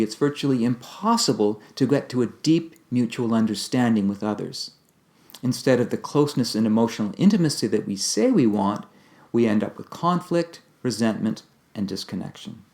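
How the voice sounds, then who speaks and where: A man giving a calm, measured instructional talk on communication, explaining ideas step by step. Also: medium pitch, vocal fry. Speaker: communication teacher.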